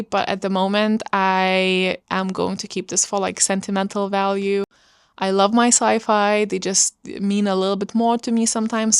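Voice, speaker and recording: A woman's voice: medium pitch, clean tone, dry recording, clean studio sound. A woman vlogger talking casually about books, chatty and rambling with lots of fillers. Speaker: book vlogger. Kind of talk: casual chat.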